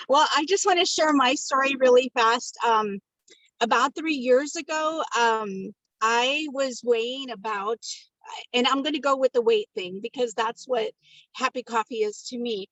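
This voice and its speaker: A woman's voice: on the high side, measured pace, a bit bright, dry recording. Chatty woman in her fifties on a call. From California. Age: 50s. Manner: chatty and emotional, with many ums. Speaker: guest sharing a testimonial. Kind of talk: casual personal testimonial on a video call. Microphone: video call. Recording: dull video call audio.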